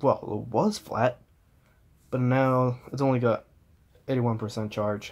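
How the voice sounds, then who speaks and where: Slow, rambling young New guy. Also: mid-range voice, fairly even intonation, a little mellow. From New Zealand. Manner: rambling, trails off, chuckles between thoughts. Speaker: vlogger. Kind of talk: casual vlog chat. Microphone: phone held at arm's length.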